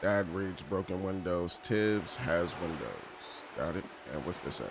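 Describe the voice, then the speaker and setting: A man's voice: deep voice, moderate pace, hardly any pauses, background noise. A man casually commenting on a game, reading its text aloud with joking asides. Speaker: game streamer.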